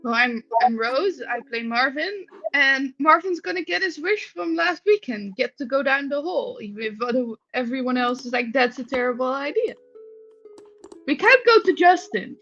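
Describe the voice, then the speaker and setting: Brief: high, animated woman tabletop player, bright tone, muffled lo-fi mic. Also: moderate pace, soft background music. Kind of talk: casual chat. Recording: dull lo-fi mic.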